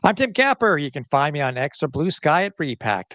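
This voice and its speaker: A man's voice: a little high, sing-song, brisk, fairly bright tone, no room sound. A man hosting a sports podcast in casual chat, talking loosely with frequent restarts and fillers. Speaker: podcast host.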